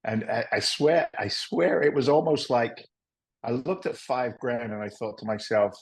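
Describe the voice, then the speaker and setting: A man's voice: medium pitch, normal speed, rough recording. A middle-aged man, a guest on a podcast, telling candid, rambling stories in casual talk and now and then cursing. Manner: candid, rambling, salty, with frequent "right?" asides. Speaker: podcast guest, real estate investor. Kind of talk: casual storytelling interview.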